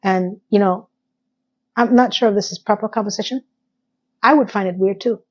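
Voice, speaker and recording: A woman's voice: mid-range voice, moderate pace, lo-fi sound. A woman chatting casually to her viewers as she recaps a TV episode, sassy and direct.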